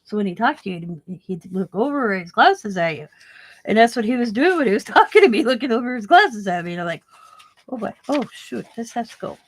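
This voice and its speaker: A woman's voice: medium pitch, very animated, quick pace, no echo. A woman hosting a craft vlog, chatty and often laughing as she tells a story. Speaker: craft channel host. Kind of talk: casual craft vlog chat.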